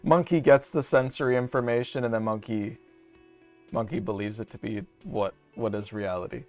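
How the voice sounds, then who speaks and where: A man's voice: mid-range voice, steady tone, moderate pace, darkish tone, soft background music. A young man from Canada, rambling profanely through casual gaming commentary. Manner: rambling, profane, jokey asides. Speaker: streamer.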